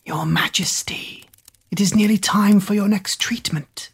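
Whispered role-play: woman as sly lizard manservant, oily and grovelling, husky hush. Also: medium pitch, fairly even intonation, voice pushed up, heavily acted. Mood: fawning. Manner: hissing whisper, slow and oily. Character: fawning male lizard servant, sly and grovelling.

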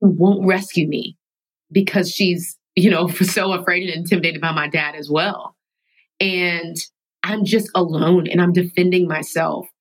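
A woman guest in a studio telling her own story candidly, emphatic and animated, sometimes laughing through her words. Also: fairly low pitch, unhurried, poor audio. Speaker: podcast guest.

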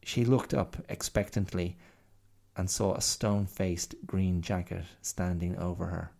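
A man narrating a storybook tale in a gentle, unhurried reading voice. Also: low voice, steady tone, gravelly.

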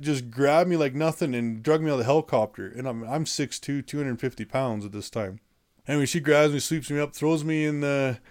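A man's voice: medium pitch, darkish tone. A man being interviewed, recounting events in a plainspoken, matter-of-fact way with many fillers and restarts. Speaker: interview guest. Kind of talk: casual storytelling in conversation.

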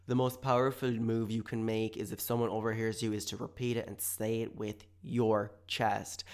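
Animated young man telling stories. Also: lowish voice. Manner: animated storytelling with sudden loud mock-quotes. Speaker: podcast host. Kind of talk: casual comedic monologue.

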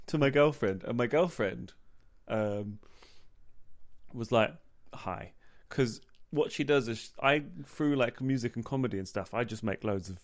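A man, a comedian and musician, chatting casually as a podcast guest and acting out voices in his anecdotes. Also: unhurried. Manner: animated anecdote-teller, acts out voices with big pitch jumps. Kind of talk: casual chat.

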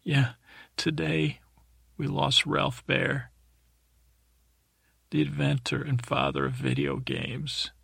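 A man voicing a weeping, stocky male creature with orange hair in an improvised bedtime story, speaking in a soft, mopey way. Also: mid-range voice, little pitch movement, a little slow, creaky, breathy edge, no room sound, clean studio sound, heavily acted.

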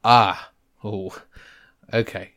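A man in casual banter with friends, animated and jokey, with sudden bursts of excitement. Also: on the low side, extremely slow, a crowd in the background. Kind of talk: casual chat.

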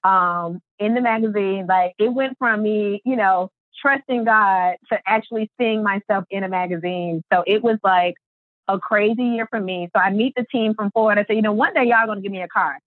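A woman, an artist telling her story in an interview, lively and acting out the quotes with big jumps in pitch. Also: normal speed, no echo. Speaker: artist and business founder, interview guest. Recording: dry, phone-like narrow sound.

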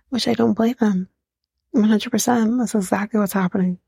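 A woman hosting a podcast, recapping casually in a blunt, profane, sarcastic way and often dropping to a breathy half-whisper. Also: mid-range voice, steady tone, moderate pace, mellow, no room sound. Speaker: podcast host recapping a reality show. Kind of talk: casual chat.

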